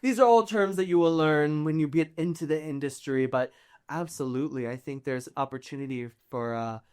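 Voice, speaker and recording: A smooth, scheming noblewoman who gushes and flatters as she bargains for favors, put on by a man running the game. She sweet-talks every offer, leaning in with a knowing, chatty lilt. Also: a little high, brisk, natural voice. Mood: gushing. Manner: flirty, gushing, scheming. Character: sly flattering noblewoman of the court.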